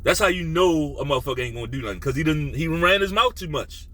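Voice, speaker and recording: A man hosting a sports talk video, ranting bluntly and profanely, sometimes dropping to a low menacing voice. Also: expressive, fast talker, sharp tone, low-quality recording. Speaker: sports commentary host. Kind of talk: casual opinion rant.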